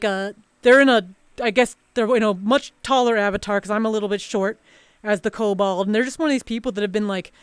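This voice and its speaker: A woman's voice: on the high side, clean tone, no room sound. A woman streamer telling a story in a casual, rambling chat full of fillers and restarts.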